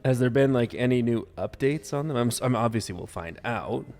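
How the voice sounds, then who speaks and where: A man's voice: medium pitch, lively intonation, fairly quick, darkish tone, long reverb tail. A man co-hosting a podcast, joking and bantering casually with his co-host. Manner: joking, playful, laughs easily.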